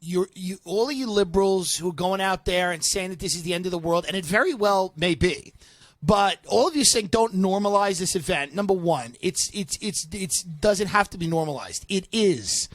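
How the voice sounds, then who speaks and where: A man in his thirties hosting a comedy podcast, ranting loudly and profanely. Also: sits high, expressive, normal speed, dry recording. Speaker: podcast host.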